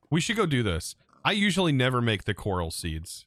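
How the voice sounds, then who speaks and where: A man's voice: mid-range voice, huge pitch swings, a little fast, hardly any pauses, fairly bright tone, no room sound. A man streaming a modded block-building game, chatting casually with his viewers and muttering to himself as he plays. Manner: chatty, talks to chat while playing, muttering lists to himself. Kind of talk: casual live-stream chat.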